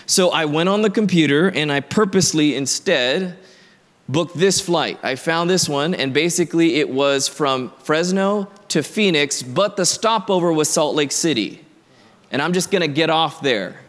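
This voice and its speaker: Storytelling preacher, male, slightly high voice, big reverberant hall. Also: moderate pace. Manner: storytelling, lively and conversational with rising emphasis. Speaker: pastor. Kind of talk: sermon.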